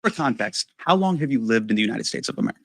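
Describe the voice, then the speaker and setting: A man's voice: mid-range voice, lively intonation, very fast, no echo. A man interviewing a guest in a comedic style, playful and teasing as he coaches him.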